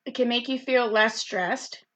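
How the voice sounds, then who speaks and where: Her voice is on the high side and a bit bright, and she speaks a little slowly. She's a program specialist hosting a live online workshop for youth, upbeat and chatty, reading participants' comments aloud with their names.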